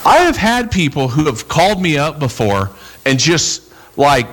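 A man preaching a sermon as a pastor, casual and animated, acting out the people in his stories. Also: medium pitch, normal speed. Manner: animated, acts out quoted voices, bursts into shouts.

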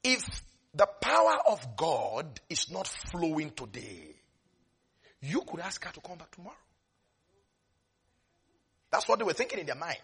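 A man preaching a sermon, animated, breaking into shouts and laughs between hushed asides. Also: fairly high pitch, unhurried, gravelly, pauses often, slightly rough.

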